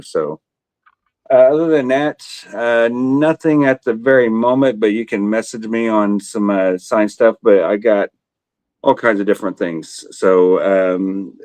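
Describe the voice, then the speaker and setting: Low-voiced man hosting a relaxed stream. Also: no room sound. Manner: rambling, with frequent fillers and restarts. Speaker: live stream host. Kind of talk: casual chat.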